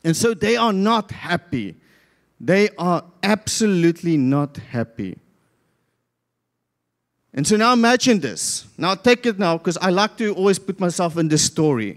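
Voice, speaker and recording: A man's voice: high voice, expressive, moderate pace. A South African man preaching a sermon as pastor, telling a Bible story and acting out the crowd's voices. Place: church hall. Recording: long church hall reverb.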